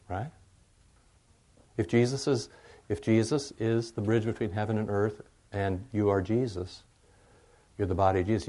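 An older male pastor preaching in a loose, conversational way, often pausing to ask his listeners "right?" His voice sits low and has a gravelly, creaky texture. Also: darkish tone. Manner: folksy and rambling, checks in with the congregation with frequent "right?". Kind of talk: conversational sermon.

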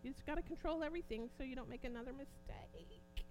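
Lady preaching, high voice, gets real fired up, bit of hum behind. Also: quick pace. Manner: impassioned, rising to near-shouting emphasis. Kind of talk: informal sermon.

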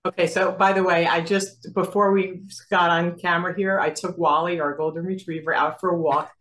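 Guest, woman, 60s, from New Jersey: lively storyteller, lower voice, acts out the dialogue. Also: normal speed. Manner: animated, acts out quoted dialogue, laughs often. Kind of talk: storytelling in a casual interview.

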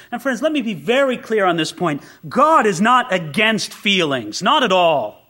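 High, bright-voiced impassioned preacher man. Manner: impassioned, swings between loud exclamation and quiet intensity. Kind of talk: expository sermon.

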